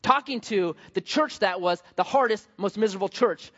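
A man's voice: sits high, moderate pace, fairly bright tone, slightly rough. A man preaching a sermon in a conversational, jokey way, often restarting his sentences. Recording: dull sound with long hall reverb.

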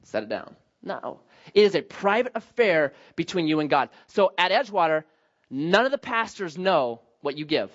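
Male pastor, animated sermon, bright tenor that leaps up and down. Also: sits high, moderate pace, lo-fi sound. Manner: animated storytelling with self-mocking jokes. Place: church sanctuary.

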